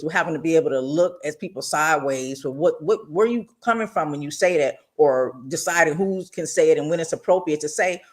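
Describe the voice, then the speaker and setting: A middle-aged woman with a deep voice hosts a radio talk show, telling stories in a casual, expressive way. She frequently turns aside to address her listeners.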